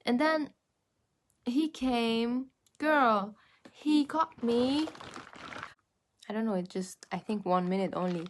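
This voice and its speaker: A young woman vlogger telling a story in casual chat, animated, exclaiming and swearing. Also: a little high, slow, long pauses.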